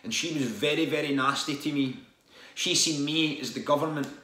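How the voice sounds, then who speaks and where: A man's voice: a little high, normal speed, bright, forceful tone, roomy sound. A man from the UK, a former benefits call-centre agent, telling stories in an earnest, rambling way with many false starts. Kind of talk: casual storytelling monologue.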